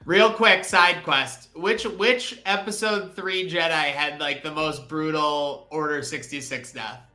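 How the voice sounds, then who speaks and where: A man hosting a casual podcast chat, animated and full of fillers. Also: fairly high pitch, measured pace, faint music behind. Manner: animated, chatty with many fillers. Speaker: podcast host.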